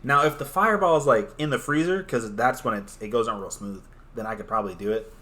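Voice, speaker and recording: A man's voice: medium pitch, fast. A man in his twenties, a podcast host, chatting casually and telling stories with lots of laughter and swearing. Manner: animated storyteller, laughs often, swears freely. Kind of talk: casual chat.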